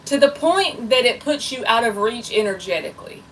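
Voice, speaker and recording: A woman's voice: fairly high pitch, animated, brisk, distant mic, slight background noise, low-quality recording. Woman tarot reader for a live reading, goofy and chatty, set back from the mic. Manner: chatty and playful, self-described goofy.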